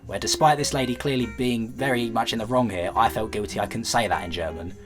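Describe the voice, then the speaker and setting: Rambling British man telling a comic story. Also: low voice. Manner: rambling, self-deprecating, many false starts. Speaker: vlogger.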